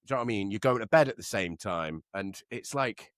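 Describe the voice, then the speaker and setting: A man co-hosting a podcast, trading animated, sweary banter in casual chat. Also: lowish voice, a little fast, no echo, clean studio sound. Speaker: podcast co-host.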